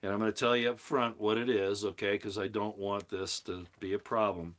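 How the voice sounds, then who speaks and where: Rambling low-voiced man on a stream. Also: flat delivery, fairly quick, fairly bright tone. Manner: rambling, repeats words and restarts, stresses points with rising emphasis. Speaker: host of a live commentary stream. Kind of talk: casual monologue, reading viewer comments.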